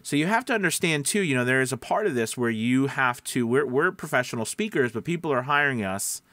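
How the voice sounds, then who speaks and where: A man's voice: mid-range voice, expressive, fairly quick, pushed and bright, dry recording. Man, slightly nasal voice, conversational coaching tone, dry close sound. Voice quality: somewhat nasal. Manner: conversational, restarts, asks viewers questions. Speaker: voice-over coach. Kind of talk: casual advice talk to camera.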